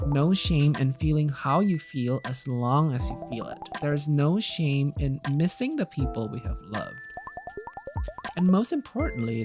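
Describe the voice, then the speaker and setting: A woman voicing a gentle, motherly older woman who comforts a grieving young friend in soft, tender, reassuring lines. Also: low voice.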